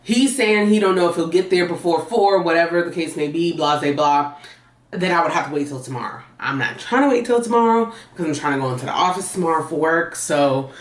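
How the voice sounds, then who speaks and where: A woman's voice: deep voice, a little fast, reverberant. Chatty young woman vlogging. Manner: chatty, addresses viewers as y'all and honey. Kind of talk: casual vlog talk to camera. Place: inside and around a car, outdoors in the city.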